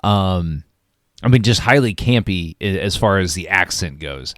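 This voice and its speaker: A man from Florida co-hosting a casual film review, speaking haltingly with many fillers and restarts. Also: sits low, expressive, fairly bright tone, no room sound, clean studio sound. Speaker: podcast co-host.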